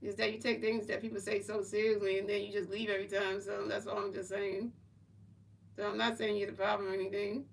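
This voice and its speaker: A woman's voice: medium pitch, little pitch movement, quick pace, gravelly, distant mic, low-quality recording. A woman streamer in casual chat, rambling and repeating herself as she answers her chat. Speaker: livestreamer.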